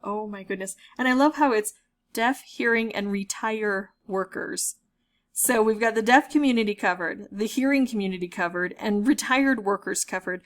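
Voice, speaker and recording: A woman's voice: on the high side, a little fast. A woman who makes gaming videos, giving playful, wry commentary with an amused, explanatory manner. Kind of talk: playful commentary reading chat messages aloud.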